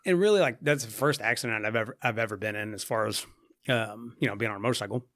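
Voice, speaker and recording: A man's voice: lowish voice, quick pace, a bit bright, no echo, studio quality. A man guest on a podcast, telling a story in a rambling casual way, full of fillers and swearing. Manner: rambling, profanity-laced, full of "like" and "you know".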